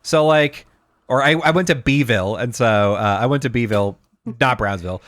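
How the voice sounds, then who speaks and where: A man's voice: medium pitch, normal speed, a bit bright, no room sound. A man co-hosting a podcast in casual chat, rambling and laughing as he talks. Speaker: podcast co-host.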